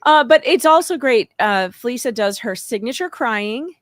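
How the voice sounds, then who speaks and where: A woman's voice: on the high side, animated, normal speed, dry recording, studio quality. A woman co-hosting a livestream, chatting casually and explaining her points with indignant emphasis. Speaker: livestream co-host. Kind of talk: casual commentary chat.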